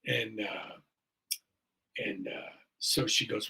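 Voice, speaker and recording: A man's voice: lowish voice, expressive, unhurried, vocal fry, pushed and bright, slightly rough, rough recording. A man in his sixties, a fire chief and podcast guest, telling a story in an earnest, rambling way with many fillers. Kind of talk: casual storytelling in a podcast interview.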